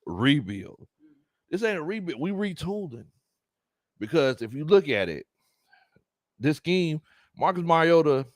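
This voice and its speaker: A man's voice: mid-range voice, no echo, clean studio sound. A man hosting a casual live-stream sports chat, reading viewer comments aloud and laughing often. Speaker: sports talk show host.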